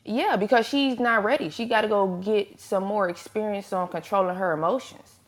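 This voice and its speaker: A woman's voice: mid-range voice, normal speed. Female podcast co-host, mid-range voice, plain short opinions. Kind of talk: casual chat.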